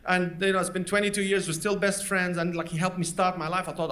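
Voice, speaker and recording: High-voiced comedian on stage. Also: male voice. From Lebanon. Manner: lively, animated storytelling with punchline pauses. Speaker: stand-up comedian. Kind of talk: stand-up comedy set. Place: live comedy venue with an audience. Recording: live stage recording, loud audience laughter.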